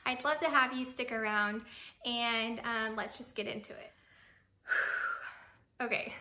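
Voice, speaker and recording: A young woman talking straight to camera in a casual vlog, chatty and excitable, with lots of ums and you knows. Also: fairly high pitch, moderate pace. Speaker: fitness vlogger.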